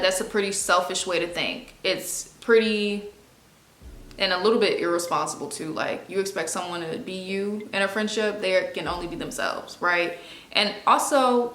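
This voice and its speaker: A young woman talks straight to camera in a relaxed, confessional way, full of slang and expressive turns. Her voice is bright and pushed forward. The room around her rings with a noticeable echo. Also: medium pitch. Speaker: video host. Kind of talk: casual confessional talk to camera.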